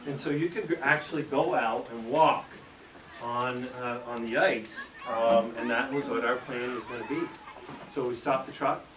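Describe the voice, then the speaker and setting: A middle-aged school superintendent telling a story to children in a classroom, lively and acting out sounds as he goes. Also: mid-range voice, normal speed, crowd noise. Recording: echoey room from far off, background noise.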